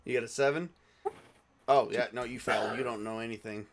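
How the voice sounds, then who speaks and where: A man's voice: medium pitch, fairly even intonation, brisk. A man running a tabletop game as game master, casual and a bit profane. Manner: casual, profane, laughs easily.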